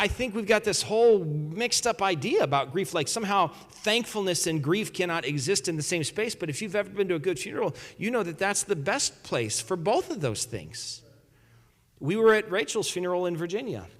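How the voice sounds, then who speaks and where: A man's voice: sits high, sing-song, a little fast, fairly bright tone, big-room sound. A man preaching a sermon as a pastor, talking in a conversational way and often restarting his sentences. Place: church sanctuary.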